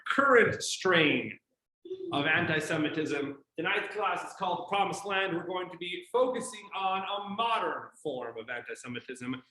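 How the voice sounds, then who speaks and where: A man's voice: sits high, expressive, normal speed, sharp tone, reverberant, rough recording. A man teaching an evening class as a rabbi, addressing his audience in a showman-like way and telling jokes.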